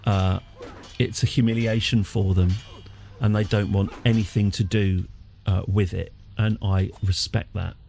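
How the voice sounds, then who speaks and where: A man's voice: fairly low pitch, fairly even intonation, measured pace, creaky, a little mellow. A middle-aged man giving casual, wry, self-deprecating commentary as he hosts a live stream of a strategy game. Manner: chatty, wry, self-deprecating, with frequent fillers. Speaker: streamer, host of the channel.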